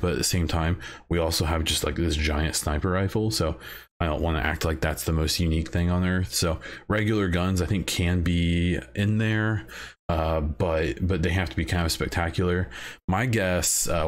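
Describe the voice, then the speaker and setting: Male podcast host, very low voice, loose rambling delivery full of "uh"s. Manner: rambling, many "uh" fillers and restarts. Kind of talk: casual solo podcast talk.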